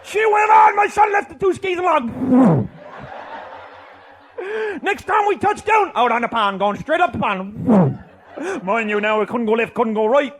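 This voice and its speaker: An older man telling a comic tall tale, boisterous and loud, often laughing as he talks. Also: extremely high pitch, expressive, a little slow. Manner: boisterous, often shouting and laughing mid-sentence. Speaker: storyteller.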